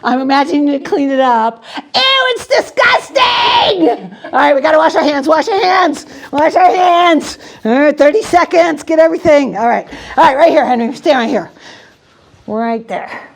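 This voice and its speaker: A woman runs a magic show for children, coaxing a young helper along. Her voice sits a little high, and she swings from hushed, secretive whispers to loud, mock-outraged protests. The delivery is theatrical and playful throughout. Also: moderate pace, gravelly.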